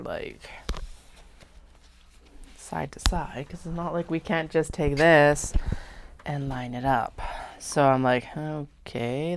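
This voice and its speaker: Low-voiced woman muttering as she sews. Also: gravelly. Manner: chatty, mutters and half-whispers to herself. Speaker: sewing vlogger. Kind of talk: casual talk while sewing.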